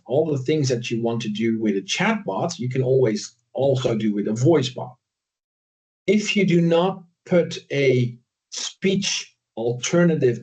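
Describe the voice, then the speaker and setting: Man casually demoing software. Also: mid-range voice. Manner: casual, thinking aloud, frequent "uh" and "right?". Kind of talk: screen-share tech walkthrough.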